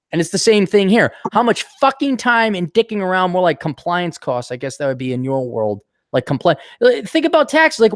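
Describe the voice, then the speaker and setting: A man hosting a casual podcast chat, ranting with lots of swearing and animated storytelling. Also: on the high side, no room sound, studio quality. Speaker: podcast host.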